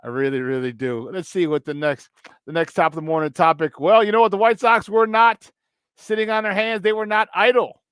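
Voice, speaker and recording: High-voiced animated sports talk host. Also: male voice, brisk, clear, resonant tone, no echo, clean studio sound. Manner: animated, swings loud and soft, laughs often. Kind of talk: casual sports talk, reading live chat.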